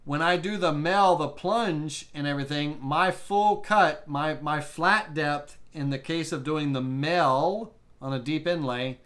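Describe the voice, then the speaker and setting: A man teaching a live CNC software tutorial, thinking aloud with restarts as he works through settings. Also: on the high side, measured pace. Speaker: woodworking CNC instructor.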